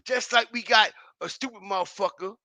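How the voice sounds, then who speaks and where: Delivering a ranting online commentary, this man speaks a little fast in a high-pitched, bright and forceful voice. He's emphatic and repetitive, swears and mocks, and keeps checking in with his audience. The recording is dry.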